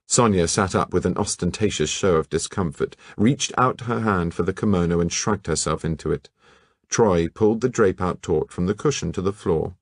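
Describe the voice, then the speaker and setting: A man narrating a novel as an audiobook in measured, even storytelling. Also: low voice, dry recording, clean studio sound.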